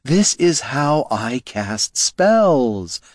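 A man voicing a frustrated, exhausted young female mage who talks in a soft, strained, exasperated voice. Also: medium pitch, big pitch swings, drawn-out words, dry recording, clean studio sound, voice pushed up. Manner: breathy exasperated pleading.

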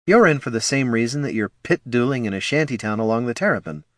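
A man's voice: mid-range voice, expressive, quick pace, a bit bright, no room sound, studio quality, voice pushed up, natural voice. Man voicing a coaxing female elf ranger. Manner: coaxing, persuasive, sure of herself.

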